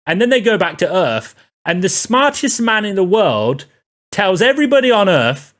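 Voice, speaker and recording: A man's voice: high voice, very animated, moderate pace, fairly bright tone. A man giving a sarcastic, rambling spoken film review, full of exasperated asides.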